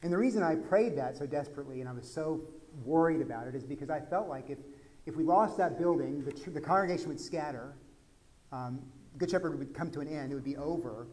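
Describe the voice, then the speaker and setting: A Texan pastor preaches a conversational sermon, his fairly high voice moving fairly quickly. He swings from quiet asides up to loud, emphatic peaks.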